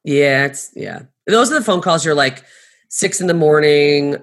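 A middle-aged woman, a travel agent, telling stories in casual conversation, animated and laughing often as she acts out what people said. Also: low voice, unhurried.

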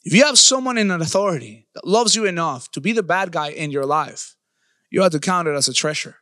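High-voiced, bright-toned preacher man. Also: animated, fairly quick, no echo, clean studio sound. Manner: emphatic, stretches key words, bursts into shouts. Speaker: pastor. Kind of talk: sermon.

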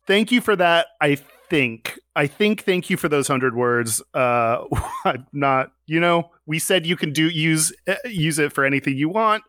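A man's voice: a little high, a bit bright, no room sound, clean studio sound. A man hosting a casual podcast, chatting and laughing, often restarting his sentences. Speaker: podcast host.

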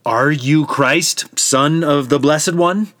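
A man voicing an imperious high priest who demands answers loudly. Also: slow, no echo, studio quality. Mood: insistent. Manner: loud and demanding.

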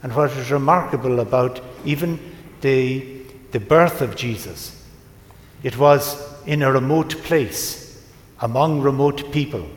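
Recorded from a distance in a large, echoey church, a priest with a mid-range voice gives a sermon to his congregation. He tells a story gently and without hurry, leaving pauses along the way.

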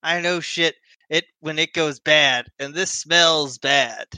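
A man's voice: fairly high pitch, slow pace, sharp tone, clean tone, no room sound, exaggerated voice, poor audio. A man voicing a pompous male war-veteran adventurer in a tabletop game, blustering and lecturing in formal phrases.

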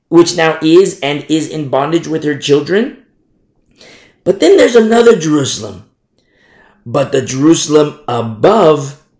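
A man's voice: on the high side, darkish tone, echoey room. Emphatic American man teaching scripture. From United States. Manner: emphatic, rhetorical questions, draws words out slowly. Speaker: Bible teacher. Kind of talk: expository Bible teaching.

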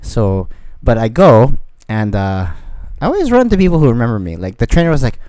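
A man co-hosting a casual podcast, answering briefly with a relaxed, dry humor. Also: medium pitch, fairly quick, no echo. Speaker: podcast co-host. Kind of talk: casual chat.

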